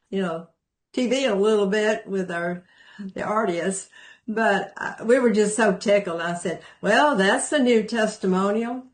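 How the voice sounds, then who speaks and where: A woman on a casual group video call, chattily retelling a conversation with her son. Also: medium pitch. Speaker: caller sharing a story.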